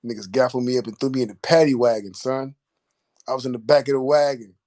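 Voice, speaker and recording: A man recounting a wild night in a loose, unhurried way, swearing freely and chuckling through it. His voice sits at an average pitch for a man. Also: darkish tone. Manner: laid-back, profane, laughing. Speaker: storyteller. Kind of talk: casual storytelling.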